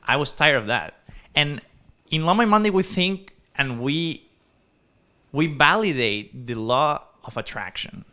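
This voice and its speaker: Bright, upbeat man on a panel. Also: on the high side, lively intonation, measured pace. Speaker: panelist, founder. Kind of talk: casual panel talk. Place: event hall.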